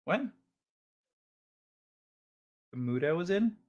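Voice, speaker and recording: A man's voice: on the high side, sing-song, fast talker, a little mellow, dull audio. A man hosting a casual live stream, chatting loosely with his viewers, swearing and laughing often as he reacts to the chat. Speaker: livestream host.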